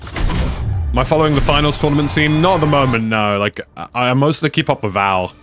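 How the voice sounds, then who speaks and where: A man's voice: medium pitch, brisk, over music. A young British man chatting casually on a live stream, rambling with lots of "like" and restarts. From United Kingdom.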